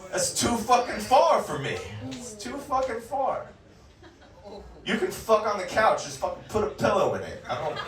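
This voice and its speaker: Man in his forties, stand-up comic, crude and profane, lively up-and-down delivery, echoey club, picked up from afar. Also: high voice. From California. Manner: crude, profane, laughs at his own jokes. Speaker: stand-up comedian. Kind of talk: stand-up comedy set. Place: comedy club stage. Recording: roomy club sound, mic far off.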